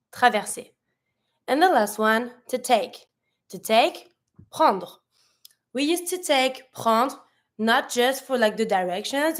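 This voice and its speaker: Female teacher, fairly high voice, patient lesson delivery, repeats and spells out words. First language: French. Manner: patient, spells out endings and repeats each word. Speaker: French teacher. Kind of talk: recorded language lesson.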